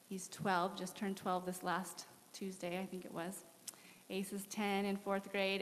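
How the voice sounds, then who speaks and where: A woman in her forties giving a candid, animated missionary testimony during a church interview. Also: lowish voice, slight background noise. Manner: candid, animated storytelling with laughs. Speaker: missionary guest. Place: church worship center. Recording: echoey church hall.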